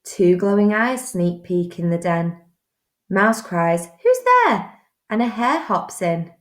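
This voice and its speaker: A woman teacher reading a children's picture book aloud, slow and expressive. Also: lowish voice. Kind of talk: storybook read-aloud. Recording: roomy echo.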